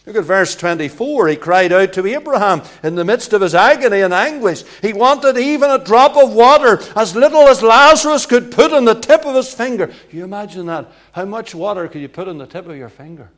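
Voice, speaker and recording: A man preaching a sermon, emphatic and repetitive, swinging from hushed passages to loud ones. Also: sits high, lively intonation, brisk, hardly any pauses.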